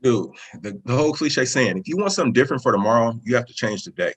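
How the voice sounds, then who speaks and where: A man's voice: mid-range voice, expressive, fast, a bit bright, breathy edge, rough recording. A man in his thirties, a course student, earnestly telling his success story in a casual video-call interview, emotional and rambling. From California. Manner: earnest, emotional, talks in loose run-on phrases.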